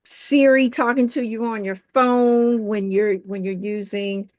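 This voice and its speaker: A woman hosting a podcast, talking in a relaxed, conversational way with light humor. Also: a little high, a little slow. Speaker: podcast host.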